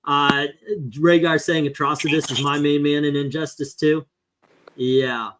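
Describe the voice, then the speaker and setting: Middle-aged male host, slightly high and bright, animated storyteller. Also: measured pace, a little hiss or hum. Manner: animated storyteller, voices impressions. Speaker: comic book channel host. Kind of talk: casual panel chat.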